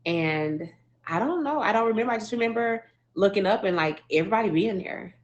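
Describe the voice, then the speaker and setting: Woman telling her grief story, halting. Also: medium pitch, expressive, highs cut off. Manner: halting, emotional, many restarts and fillers. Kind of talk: personal storytelling.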